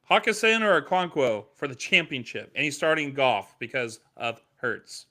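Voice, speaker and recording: An American man co-hosting a live fantasy football show, relaxed and reading out viewer questions. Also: mid-range voice, normal speed. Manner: laid-back, reads viewer questions. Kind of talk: casual live podcast chat.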